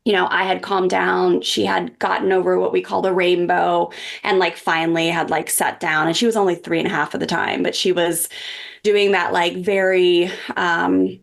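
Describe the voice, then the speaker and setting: Earnest, low-voiced woman in her forties. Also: level tone, moderate pace, gravelly. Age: 40s. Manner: earnest, chatty, heavy with "like" and "um" fillers. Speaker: parenting coach guest. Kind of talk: personal storytelling in a podcast interview.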